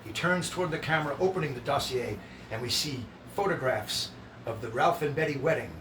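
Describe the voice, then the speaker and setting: A man hosting a live show, reading a stage script aloud with relaxed, offhand asides. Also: medium pitch, fairly quick, background noise. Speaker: host reading a musical's script. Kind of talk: casual script read-aloud. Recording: echoey room, distant mic, guitar.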